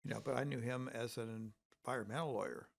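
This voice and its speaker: Male interview host, mid-pitched, gravelly, earnest and easygoing. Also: fast talker. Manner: earnest, agreeable, many fillers. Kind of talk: casual chat.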